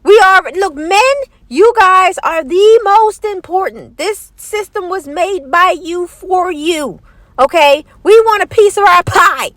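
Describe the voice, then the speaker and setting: A woman's voice: very high voice, animated, slow pace, a bit bright, dry recording. A woman vlogger giving casual opinion commentary in a light, scratchy voice. She talks emphatically and acts out other people's lines.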